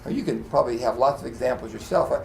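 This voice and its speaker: A fast-talking pastor with a medium-pitched, creaky voice preaches in a reverberant church with slight background noise. Animated in his storytelling, he acts out plenty of quotes and laughs frequently, though at moments he gets choked up.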